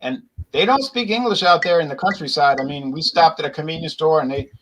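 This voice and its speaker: A man co-hosting a casual talk show, telling animated opinionated stories and mimicking people he quotes. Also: a little high, brisk, slight background noise, poor audio. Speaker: podcast co-host.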